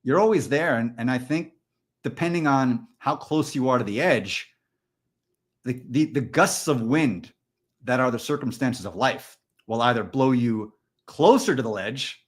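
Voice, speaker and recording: A man's voice: mid-range voice, a little slow, breathy edge. Casual storytelling man on a podcast. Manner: storytelling, animated, frequent fillers. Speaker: podcast co-host. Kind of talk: candid conversational talk.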